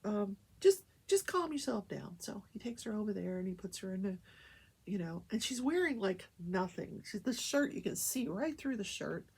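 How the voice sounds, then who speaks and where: A woman's voice: mid-range voice, moderate pace, darkish tone, husky. An older woman hosting a casual talk show, telling a story animatedly and acting out the quoted voices.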